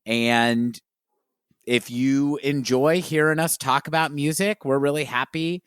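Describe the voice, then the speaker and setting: A man co-hosting a casual podcast, talking in an earnest, playful and animated way. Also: mid-range voice, measured pace, clean tone, no room sound, clean studio sound. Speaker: podcast co-host.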